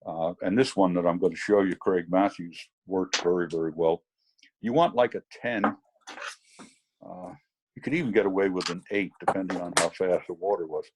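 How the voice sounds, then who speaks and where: Brief: low, husky man, fly fishing teacher, rambling anecdotes on a video call. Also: moderate pace, poor audio. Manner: rambling storyteller with fillers.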